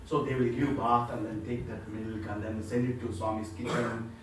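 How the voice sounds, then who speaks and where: A man's voice: mid-range voice, level tone, normal speed, distant mic, slight background noise. A man gives a devotional talk, telling stories and asking the listeners rhetorical questions. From India. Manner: storytelling with acted quotes, preacher's rhetorical questions. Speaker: spiritual speaker. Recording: echoey hall, mic heard from afar.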